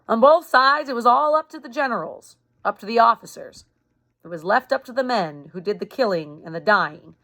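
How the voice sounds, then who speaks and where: A woman reads a chapter book aloud to a youth club, pausing for chatty explanations and rereading her slips. Her voice is fairly high, pushed and bright, with lively intonation at a moderate pace.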